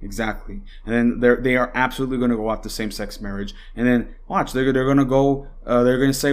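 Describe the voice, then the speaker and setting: Fast-talking and steady in tone, with a medium-pitched voice, this young man hosts a podcast of casual political commentary. He rants in a heated, rambling way, swearing often, filling with ums, and at times mocking opponents with put-on voices.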